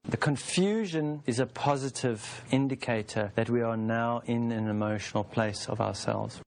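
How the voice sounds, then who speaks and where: A man in his forties giving a calm, unhurried spoken teaching session, explaining a self-help process through homely metaphors. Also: mid-range voice, gravelly. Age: 40s.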